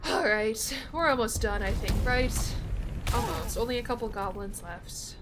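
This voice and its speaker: A woman's voice: a little high, measured pace, background noise. A young woman streaming a game, chatting casually with her viewers and swearing freely. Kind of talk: casual gameplay commentary.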